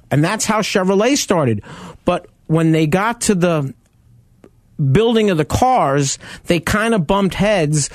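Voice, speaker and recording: A man's voice: fairly high pitch, no room sound, studio quality. A man co-hosting a radio show, telling car history in casual chat with enthusiasm. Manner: animated storyteller, tells car history with enthusiasm.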